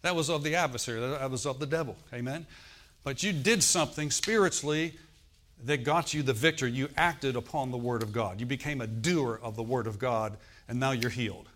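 Male pastor, mid pitch, conversational sermon delivery, builds to emphatic peaks. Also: a little fast, fairly bright tone, a little hiss or hum. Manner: conversational preaching with frequent "amen" checks; chuckles and rises in volume for emphasis. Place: church service.

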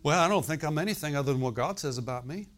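A man's voice: on the high side, expressive, very fast, a bit bright. A man in his sixties preaching a sermon as pastor, emphatic and often asking the congregation to answer. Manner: emphatic, asks the congregation questions.

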